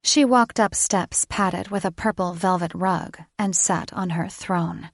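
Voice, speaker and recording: A woman narrating a fantasy audiobook in a measured, unhurried storytelling manner. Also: fairly low pitch, no room sound, clean studio sound.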